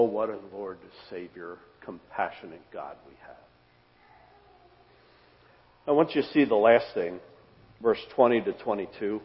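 A man preaching a sermon as pastor, earnest and repeating phrases for emphasis, his voice trailing off softly at the ends of phrases. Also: fairly low pitch. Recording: dull sound with long hall reverb.

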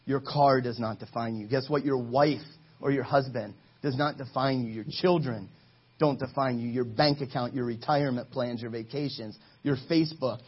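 A man in his thirties preaching a sermon to his congregation in a church, energetic and exhorting, calling for answers from the pews. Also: mid-range voice, moderate pace, breathy edge, lo-fi sound. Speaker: pastor. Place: church sanctuary.

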